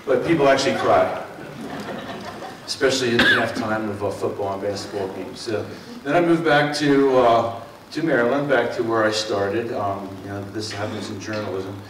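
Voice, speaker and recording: A man's voice: on the low side, moderate pace, fairly bright tone, reverberant, far from the mic, slight background noise, rough recording. A middle-aged man from the Mid-Atlantic with a Philadelphia and South Jersey accent, giving a folksy, rambling talk to a community forum, full of fillers and self-corrections. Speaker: water district speaker. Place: meeting room.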